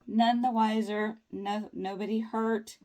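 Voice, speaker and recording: A woman's voice: medium pitch, little pitch movement, takes it slowly, darkish tone. A woman chatting upbeat and reassuring through a nail tutorial, with folksy phrasing. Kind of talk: casual tutorial talk.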